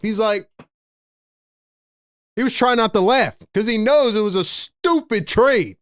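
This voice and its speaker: A man hosting a live fan play-by-play stream, calling the action casually and excitedly, with slang and quick laughter. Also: high voice, clean tone, dry recording, clean studio sound. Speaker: host.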